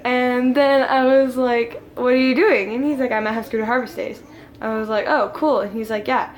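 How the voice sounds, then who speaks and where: Teen girl vlogger, casual rambling storyteller, high-ish voice, giggles often. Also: level tone, moderate pace, a little hiss or hum.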